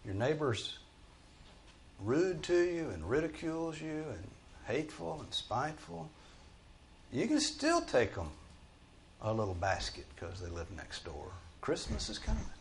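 A man's voice: on the high side, huge pitch swings, unhurried, a little hiss or hum. A man teaching a Bible study group in a conversational, emphatic way, often restarting his sentences.

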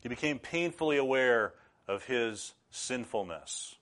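A middle-aged man preaching a sermon in an earnest, measured way, now and then rising to loud bursts. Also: medium pitch, animated.

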